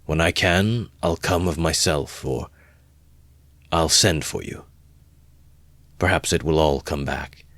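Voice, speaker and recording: A man with a very deep voice reading the lines of a feverish young man quietly and slowly, in a low mutter. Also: no echo, exaggerated voice. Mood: grim. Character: feverish brooding young man, resolved and withdrawn.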